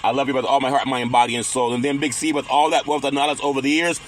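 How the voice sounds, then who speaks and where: A man's voice: mid-range voice, little pitch movement, fast, noisy background. A man hosting his own sports podcast, talking in a repetitive, preachy monologue full of slogans. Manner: repetitive, preachy, builds to loud chanting. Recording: loud music and crowd behind. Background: loud music and crowd.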